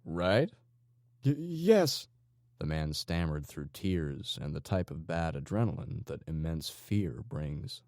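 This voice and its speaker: Very deep-voiced male audiobook narrator. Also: a little slow, few pauses, a little mellow, clean tone, no room sound, studio quality. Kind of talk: scripted narration.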